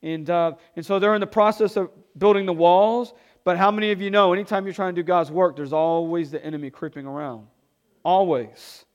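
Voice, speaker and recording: A male pastor preaching with rising energy, calling on the congregation to answer back. His voice sits a little high, and he drops quieter when he tells a story. The church recording sounds slightly dull. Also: brisk, smooth. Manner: energetic preaching with call-and-response; drops to hushed tones when telling a story. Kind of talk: sermon.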